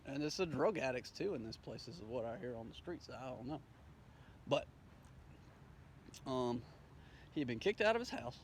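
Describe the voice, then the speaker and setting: A man recounts his day in a casual, rambling, profane story, acting out the dialogue as he goes. His mid-range voice has lively intonation and a moderate pace with long pauses, over a little hiss or hum.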